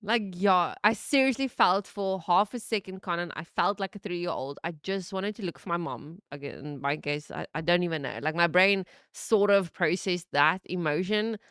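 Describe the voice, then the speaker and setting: A woman in her thirties streaming from home, telling a story in an animated way, laughing and swearing. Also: normal speed, few pauses, clean tone, dry recording, studio quality. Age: 30s. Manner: animated, laughing, swearing, lively pitch jumps. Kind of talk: casual storytelling chat.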